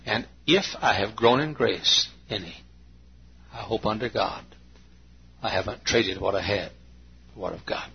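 A man in his late fifties preaching a sermon, folksy and storytelling, with a gravelly voice. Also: a little slow, long pauses, lo-fi sound, slight background noise. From Texas. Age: 50s. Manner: folksy, acts out anecdotes with bursts of high imitation and laughter.

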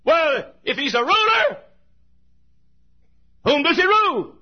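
A male preacher delivering a revival sermon in a husky voice, swinging from booming shouts to hushed asides and sing-song chants. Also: very animated, slow, highs cut off.

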